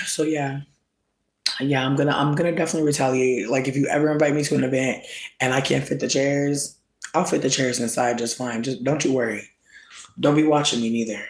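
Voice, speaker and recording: A man hosting solo, telling a casual comedic rant in slangy, profane, animated storytelling. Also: medium pitch. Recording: roomy echo.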